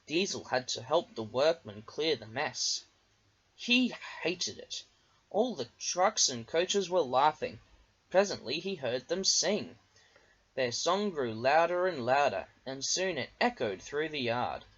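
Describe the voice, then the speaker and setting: Slow, lively storybook narrator. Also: medium pitch, husky, muffled recording. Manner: unhurried, animated storytelling. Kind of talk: storybook reading.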